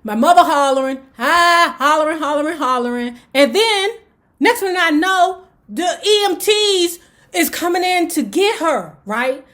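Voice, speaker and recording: A woman's voice: animated, moderate pace, a bit bright. A woman telling a family story casually and dramatically, with playful asides and exaggerated flourishes. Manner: dramatic, playful, shifts into high voices for quotes. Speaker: storyteller vlogger.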